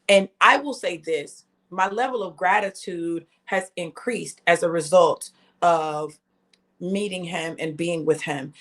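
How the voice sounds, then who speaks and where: On a live stream, a woman in her fifties with a rather low voice tells a family story, chatty and animated, addressing her viewers directly.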